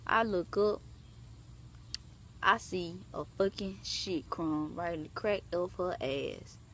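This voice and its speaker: A young woman tells a story straight to camera in loose, casual vlog style. She swears freely and talks animatedly, her voice leaping high for emphasis. A faint hum of noise sits behind her. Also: takes it slowly. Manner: animated, profane, with big pitch jumps. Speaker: vlogger.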